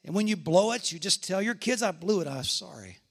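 A man's voice: sits high, animated, a little fast, husky. A middle-aged man, a pastor, preaching a sermon and telling stories with emphatic repetition.

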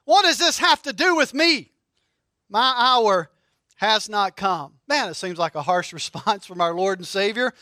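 A middle-aged man preaching a sermon, animated and humorous, asking rhetorical questions. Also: sits high, no room sound, studio quality. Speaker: pastor.

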